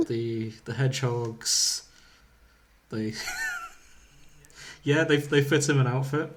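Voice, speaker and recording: A man's voice: mid-range voice, takes it slowly, slight background noise. Giggly man retelling a silly story. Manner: amused, laughing often, stumbling over words. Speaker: podcast host. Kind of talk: casual comic retelling of fan fiction.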